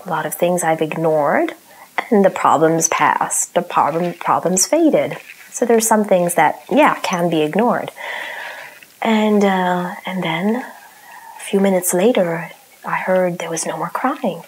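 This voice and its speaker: A woman in her thirties, a mother, telling a parenting story in a casual, reflective way, often softening into a breathy half-whisper. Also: on the low side, slow pace, slight background noise, low-quality recording. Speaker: parent sharing a parenting tip.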